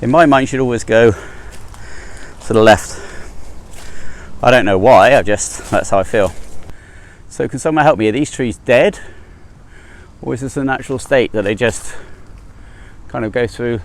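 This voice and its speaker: A man's voice: medium pitch, unhurried, long pauses. A middle-aged man, chatting as he vlogs a walk along an overgrown hillside path and filming on a handheld phone, full of self-deprecating asides. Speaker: travel vlogger. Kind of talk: casual walking vlog. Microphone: handheld phone camera without gimbal.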